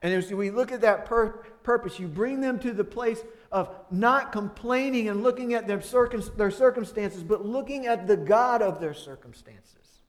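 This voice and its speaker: A pastor preaches a sermon at normal speed with hardly any pauses. His voice climbs loud when he acts out prayers and dialogue, then drops soft and low for moments of grief.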